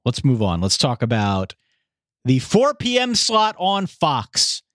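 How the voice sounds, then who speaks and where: A man's voice: mid-range voice, takes it slowly, no echo, studio quality. A man co-hosting a casual sports podcast, leading the segments and making picks. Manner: animated, leads the segments. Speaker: podcast co-host.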